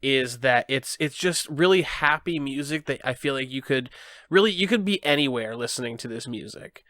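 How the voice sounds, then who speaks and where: Bright-voiced male podcast host. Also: medium pitch, lively intonation, moderate pace, no room sound. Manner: hesitant, lots of filler restarts. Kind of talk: casual chat.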